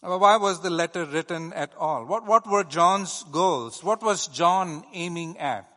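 A man preaching a teaching sermon at a steady pace, with frequent "uh" fillers. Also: sits high, a little slow, long reverb tail.

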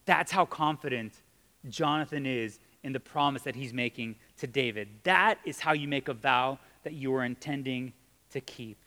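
A man's voice: mid-range voice, moderate pace, pushed and bright. A man preaching a sermon in a conversational, emphatic way, joking with his audience. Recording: long reverb of a hall.

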